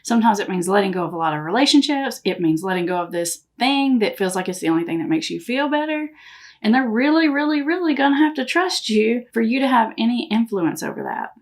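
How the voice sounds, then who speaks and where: A woman's voice: a little high, expressive, fairly quick. Woman, 30s, counselor host. Casual advice talk, conversational. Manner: conversational, retells her own quotes in a raised voice.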